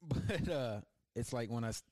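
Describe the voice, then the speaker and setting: A man's voice: medium pitch, expressive, normal speed, darkish tone, no room sound. A young man hosting a podcast, chatting casually and rambling through funny stories. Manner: joking, rambling storyteller. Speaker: podcast host. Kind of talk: casual chat.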